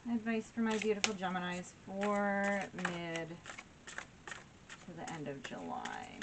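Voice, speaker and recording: Encouraging woman reading tarot, low voice. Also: sing-song, unhurried, creaky, noisy background. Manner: warm, encouraging, full of "right?" and "okay?". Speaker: tarot reader. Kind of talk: casual tarot reading to viewers.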